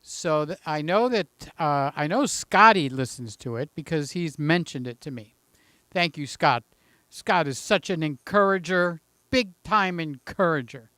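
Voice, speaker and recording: A man's voice: fairly high pitch, a little slow, pushed and bright, dry recording, clean studio sound. A man in his late sixties hosting a live stream, chatting casually and greeting viewers by name in a rambling way. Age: 60s. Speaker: livestream host.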